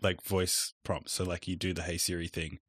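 Low-voiced aussie guy on a podcast, relaxed, trails off soft, dry close mic. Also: normal speed, no room sound. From Australia. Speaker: podcast co-host. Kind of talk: casual chat.

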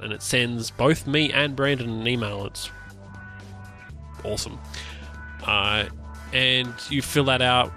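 A man's voice: mid-range voice, pushed and bright. A man co-hosting a casual podcast, rambling with restarts and fillers. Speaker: podcast co-host.

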